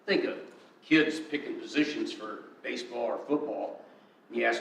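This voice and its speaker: A man's voice: mid-range voice, moderate pace, gravelly, a bit bright. Guy in the back of a bible class chiming in, far from the mic, roomy echo. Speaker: class member. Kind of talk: answering in a group discussion. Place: church classroom. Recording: distant echoey room mic.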